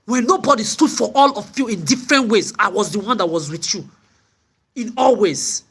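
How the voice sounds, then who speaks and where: A woman's voice: medium pitch, animated, moderate pace, breathy edge. A woman vlogger telling her story in an angry, profane rant, often repeating and stumbling over words. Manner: profane, repetitive stammering.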